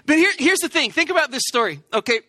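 A man's voice: extremely high pitch, expressive, fast talker, bright, forceful tone. A man preaching a sermon, telling a story in a self-deprecating, humorous way. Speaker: pastor.

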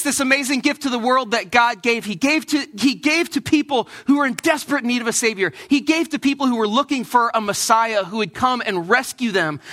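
A man preaching a sermon in church, telling a lively personal story and acting out the voices of the people in it. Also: very high-pitched. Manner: animated storytelling, acts out quoted voices. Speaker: pastor.

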